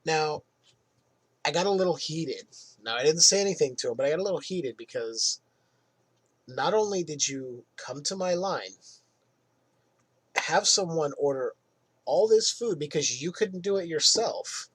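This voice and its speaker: A man hosting a podcast, telling casual anecdotes from his old job in an animated way. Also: fairly high pitch, measured pace, pauses often, husky. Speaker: podcast host. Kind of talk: casual storytelling monologue.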